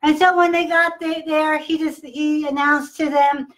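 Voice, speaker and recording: A woman pastor telling a Bible story to children in a slow, deliberate way. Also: high-pitched, little pitch movement, fairly bright tone, rough recording.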